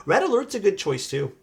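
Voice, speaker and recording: A man's voice: high-pitched, sing-song, unhurried, vocal fry. A young man chatting loosely with viewers while building a keyboard on a live stream, rambling and swearing casually.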